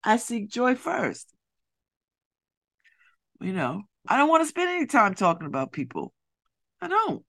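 A middle-aged woman hosting a radio show, talking in an animated, repetitive way with laughing asides. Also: a little high, a little slow, vocal fry, long pauses. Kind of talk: casual monologue. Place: radio studio.

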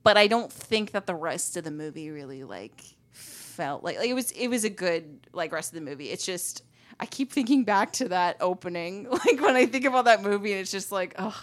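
A young woman chatting loosely on a podcast, meandering with plenty of "like" and "um" as she works her thoughts out. She giggles between phrases and keeps a relaxed, conversational flow at an ordinary pitch. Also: normal speed. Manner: rambling, filler-heavy, giggly. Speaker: podcast guest. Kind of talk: casual chat.

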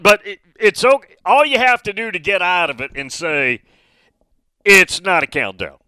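A man's voice: fairly high pitch, bright, forceful tone, no room sound, rough recording. A man hosting a casual sports talk radio show from a studio, chatting and reading out listener messages.

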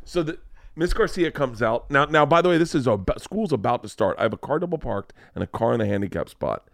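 A man hosting a podcast, telling a story in a casual, animated way, acting out the people he quotes and swearing freely. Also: mid-range voice, quick pace, creaky, dry recording, clean studio sound. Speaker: podcast host.

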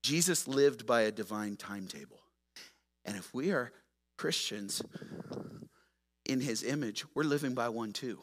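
A man preaching a sermon as pastor, moving from quiet storytelling to loud, emphatic exhortation. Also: mid-range voice, animated, a little slow, pauses often.

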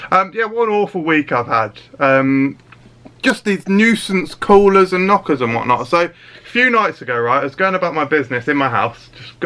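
A man's voice: medium pitch, bright, forceful tone. A man hosting a comedy podcast, telling absurd stories in a mock-serious, sweary way. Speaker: podcast host. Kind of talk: deadpan comedy podcast banter.

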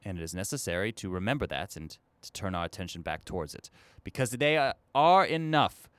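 A man doing a dead president brought back for a podcast, lecturing in stately, old-fashioned phrases. His low voice swings widely as he preaches. The sound is dry and close. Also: lively intonation, a little fast, smooth, dry recording, natural voice. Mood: solemn. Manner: formal old-fashioned diction, sermonizing. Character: Abraham Lincoln, dead president back to banter, solemn preachy. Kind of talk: comedy podcast character bit.

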